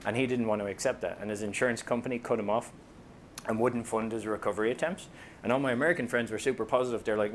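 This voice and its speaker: Irish man, thirties, comic storyteller at a lectern, faint low rumble under the voice. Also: fast talker. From Ireland. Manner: self-deprecating, joking storyteller. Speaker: author giving a talk. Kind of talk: comic public talk.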